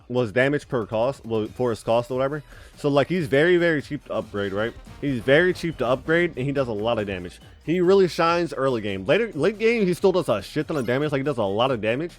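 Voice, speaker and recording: Brief: male gaming YouTuber, casual rambling commentary, spitty retainer sound, faint music underneath. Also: mid-range voice. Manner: rambling, profane, says bro a lot.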